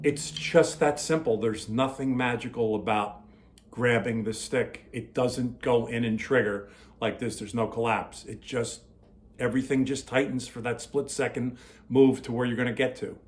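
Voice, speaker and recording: A man teaching drum hand technique in a relaxed, repetitive way, demonstrating as he talks. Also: mid-range voice, normal speed. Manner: relaxed, repeats himself, talks while playing. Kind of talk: casual demonstration lesson. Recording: loud drumming behind the voice. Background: drum kit playing.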